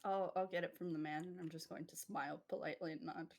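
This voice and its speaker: A woman's voice: sits low, steady tone, fast, gravelly. A woman playing in a tabletop role-playing game, hesitant and giggly. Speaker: player.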